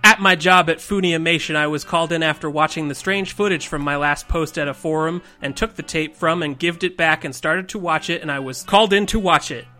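A man's voice: on the high side, fairly quick, hardly any pauses, pushed and bright, soft background music. A man hosting a casual podcast, reading a rambling horror story aloud and breaking into laughter. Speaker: podcast host reading creepypastas.

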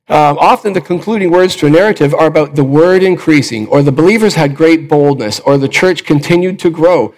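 A man's voice: fairly high pitch, gravelly, a little mellow, low-quality recording. An older man preaching a sermon, telling a personal story in a conversational way with fillers and restarts.

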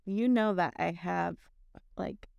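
A woman's voice: fairly low pitch, slow pace, gravelly, darkish tone, dry recording, lo-fi sound. A woman co-hosting a podcast, chatting and bantering playfully. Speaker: co-host. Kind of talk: podcast chat.

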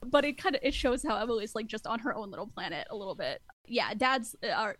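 Woman host, higher-pitched, dry close sound, animated recap talk with quoted lines. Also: fast, no echo. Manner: animated, acts out quotes, laughs often. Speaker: podcast host recapping a show. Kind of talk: casual recap chat.

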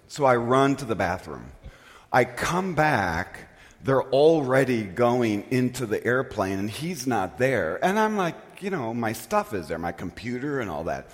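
A man preaching a storytelling sermon as pastor, animated and poking fun at himself. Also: medium pitch, moderate pace. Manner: animated, self-mocking storyteller. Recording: long reverb of a large hall.

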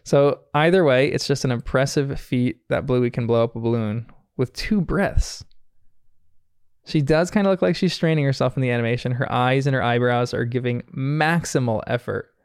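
A man's voice: mid-range voice, normal speed, clear, resonant tone, no room sound, clean studio sound. An American man hosting a podcast, talking in an earnest, reflective way as he recaps a cartoon episode, chuckling often. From United States. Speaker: podcast host.

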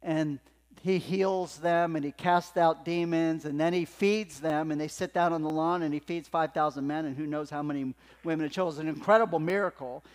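A man preaching a sermon as pastor, emphatic and swinging between hushed and loud passages. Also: on the high side, fairly even intonation, moderate pace. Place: church sanctuary. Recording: long hall reverb in a church.

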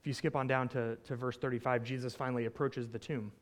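A man preaching a conversational sermon, retelling a scripture story with animated asides and frequent "right?" check-ins. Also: medium pitch, fast talker. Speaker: pastor.

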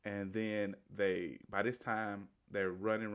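A man's voice: on the low side, takes it slowly. A man casually retelling a movie's story, rambling along with restarts, self-corrections and "right?" tags.

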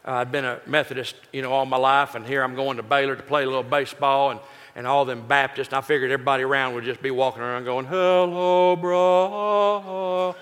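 Man in his sixties, folksy joking preacher, bright forceful tone, long hall reverb, sermon storytelling. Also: medium pitch, quick pace. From Texas. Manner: folksy, joking, lively delivery. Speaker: pastor.

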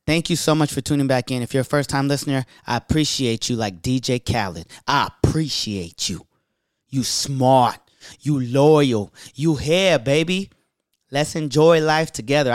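A man's voice: medium pitch, clean tone, dry recording, studio quality. A young adult man hosting a podcast, talking in an upbeat, hyped way and swearing freely. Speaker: podcast host. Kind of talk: casual podcast intro.

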